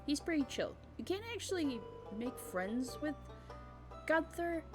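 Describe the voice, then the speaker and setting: A woman's voice: high voice, very animated, unhurried, music in the background. A woman chatting casually and rambling while playing a farming game. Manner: rambling, lots of fillers and restarts. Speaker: gamer.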